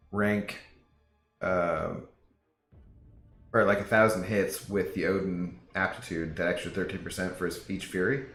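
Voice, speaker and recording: Southern US male streamer, rambling and laughing, roomy echo with faint music behind. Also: lowish voice. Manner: rambling, chatty, laughs often. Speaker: game streamer. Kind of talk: casual chat with viewers. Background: faint background music.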